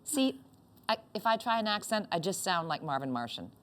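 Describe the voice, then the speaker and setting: A woman hosting a talk show, teasing her guest with quick playful asides. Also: mid-range voice, very animated, fairly bright tone. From Northern Ontario, Canada. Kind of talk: casual chat.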